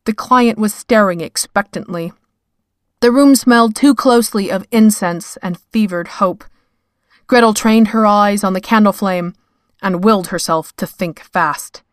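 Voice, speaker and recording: A woman reading fiction aloud in a measured, wry storytelling manner. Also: mid-range voice, dry recording, studio quality. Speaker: narrator. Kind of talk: scripted fiction narration.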